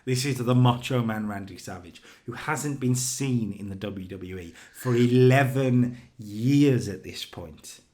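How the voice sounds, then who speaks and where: A man talks through his wrestling management game in a casual commentary. His delivery is excitable and gushing, rushing into bursts of enthusiasm. His voice sits at an ordinary middle pitch. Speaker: let's play host.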